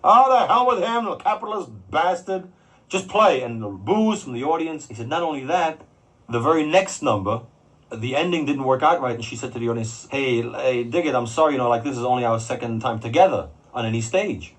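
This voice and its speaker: A man who runs concerts telling a story in a blunt, animated, profane way. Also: mid-range voice, a little fast, breathy edge, poor audio. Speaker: concert promoter. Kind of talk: recorded anecdote.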